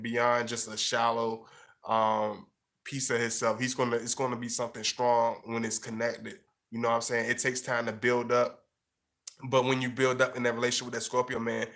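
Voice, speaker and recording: Rambling man giving flat, steady advice. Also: medium pitch. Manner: rambling, filler-heavy, repeats himself. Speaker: relationship and astrology advice vlogger. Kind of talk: casual advice monologue.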